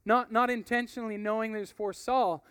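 High-voiced young man preaching casually. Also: steady tone, brisk, a bit bright, clean tone, no room sound, studio quality. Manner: casual, conversational, uses fillers like "like" and "you know". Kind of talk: sermon with casual asides and book reading.

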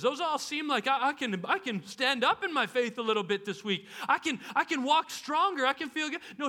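A man's voice: extremely high pitch, sharp tone. A man preaching a sermon in a casual, storytelling way with playful asides. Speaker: pastor.

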